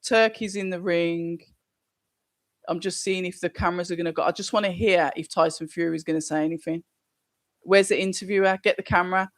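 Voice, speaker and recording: Streamer reading chat out loud on a live watch-along, easygoing rambly talk, dry close sound. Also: mid-range voice, steady tone, fairly quick, dry recording. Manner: casual, chatty, thinks aloud.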